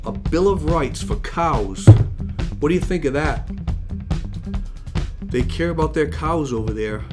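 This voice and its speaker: A man's voice: fairly high pitch, expressive, unhurried, loud music behind the voice. A man hosting his own live show from home, chatting casually and upbeat, a little out of breath, repeating himself as he goes. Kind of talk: casual live-stream chat.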